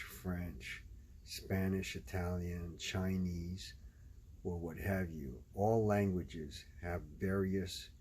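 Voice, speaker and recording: A man hosting a language video, explaining his view in a measured, casual way. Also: sits low, mellow, a little hiss or hum. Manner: measured, explanatory, switches between English and Spanish. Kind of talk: casual spoken commentary.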